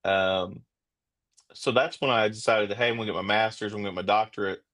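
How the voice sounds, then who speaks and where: A middle-aged man, a former police officer, speaking as a guest in a steady, plain-spoken, reflective way. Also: lowish voice, fast. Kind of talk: casual interview chat.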